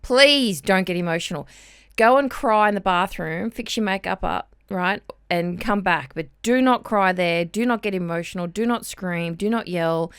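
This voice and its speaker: A woman's voice: medium pitch, moderate pace, a bit bright, clear, resonant tone, no echo, clean studio sound. A woman from Australia in her forties or older, a blunt, straight-shooting interview guest who acts out workplace exchanges. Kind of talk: interview chat.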